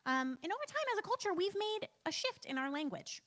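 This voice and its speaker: Animated woman in her thirties teaching. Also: very high voice, a little fast. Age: 30s. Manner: chatty, self-deprecating, frequent "like" and "um". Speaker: church trainer and pastor. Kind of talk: casual teaching talk.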